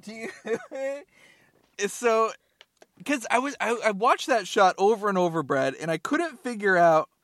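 A man's voice: high voice, expressive, unhurried, fairly bright tone, no echo, studio quality. A man co-hosting a podcast, joking, rambling and swearing freely in casual chat. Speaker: podcast co-host.

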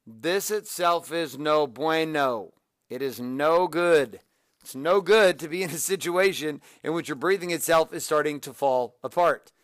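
Energetic man coaching breathing drills. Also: a little high, unhurried, no room sound, studio quality. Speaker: motivational podcast host. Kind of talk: motivational coaching talk.

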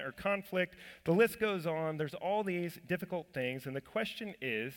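A man's voice: fairly high pitch, a bit bright. A man, a church elder, giving a sermon in a casual storytelling way, self-deprecating, with fillers and restarts. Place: church sanctuary. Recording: long hall reverb.

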